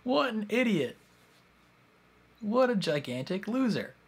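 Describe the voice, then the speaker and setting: Lively, unhurried film reactor. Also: medium pitch, slightly rough. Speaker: movie reaction host. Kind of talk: casual reaction commentary. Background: film soundtrack playing faintly.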